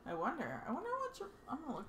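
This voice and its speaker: A woman's voice: fairly high pitch, huge pitch swings, racing, background noise. A woman co-hosting a gameplay video, chatty and enthusiastic about the game, often exasperated by her partner's jokes. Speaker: let's play co-host. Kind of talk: casual gameplay chat. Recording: roomy echo.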